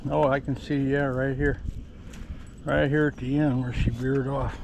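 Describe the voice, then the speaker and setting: Male dog handler, gravelly and at an average pitch, folksy and chatty, with high baby-talk praise for his dog. Outdoor recording with noise. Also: little pitch movement, unhurried, darkish tone, poor audio. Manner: folksy rural grammar. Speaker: dog handler tracking wounded deer. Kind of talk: casual outdoor vlog narration. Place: outdoors in the woods.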